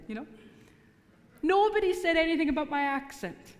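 A woman's voice: high voice, sing-song, moderate pace. A middle-aged woman preaching a sermon in church, mixing earnest appeals with teasing humor. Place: church hall. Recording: long hall reverb.

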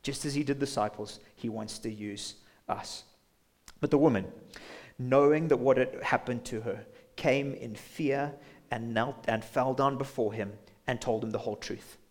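A man's voice: mid-range voice, unhurried. A man preaching a sermon as pastor in a church, passionate, sometimes acting out imagined voices. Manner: impassioned, acts out imagined inner voices.

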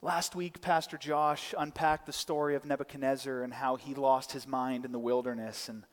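A man's voice: medium pitch, normal speed, in a large hall. A man in his thirties preaching a sermon, telling stories and acting out voices. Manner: lively storytelling, acting out voices. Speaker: pastor.

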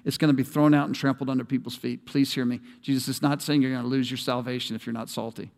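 A man's voice: mid-range voice, flat delivery, quick pace, vocal fry, darkish tone. A man preaching a sermon as pastor, talking conversationally and building to emphatic peaks. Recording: long hall reverb.

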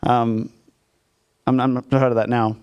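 A man's voice: mid-range voice, level tone, slow pace, clean tone, dull audio. A man in his thirties, a pastor telling a personal story in a candid, self-deprecating conversational sermon to his congregation.

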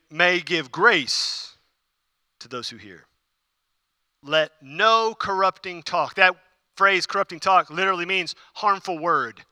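A man's voice: sits high, pushed and bright, no room sound. A man preaching a sermon, emphatic and repeating key phrases, with conversational asides to the congregation. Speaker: pastor.

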